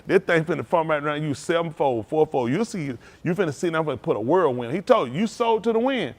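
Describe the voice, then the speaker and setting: A man preaching a sermon, rousing and conversational, swinging between loud calls and hushed asides. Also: a little high, expressive, quick pace, hardly any pauses. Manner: rousing call-and-response preaching, Southern Black church cadence. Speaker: pastor.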